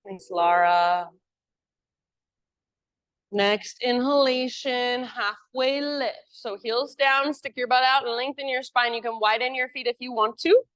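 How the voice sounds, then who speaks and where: A woman teacher guiding a live yoga class with calm, encouraging cues. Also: on the high side, unhurried, no room sound.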